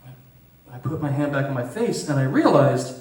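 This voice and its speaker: A man telling a funny story before a live theater audience, animated, laughing often and swearing casually. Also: medium pitch, normal speed. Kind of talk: live comic storytelling on stage. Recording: echoey theater, distant mic, audience reacting.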